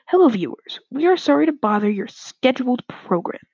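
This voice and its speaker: A woman voicing a male TV news anchor who reads a bulletin quickly and formally. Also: high voice, very animated, vocal fry, darkish tone, slightly rough, no room sound, heavily acted. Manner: quick, formal announcer delivery. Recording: dull lo-fi dry recording.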